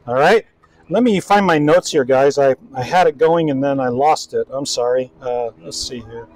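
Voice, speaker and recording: A man's voice: mid-range voice, moderate pace, a little hiss or hum, rough recording. A man preaching a casual, folksy sermon as pastor, chatting with the congregation through frequent restarts and asides.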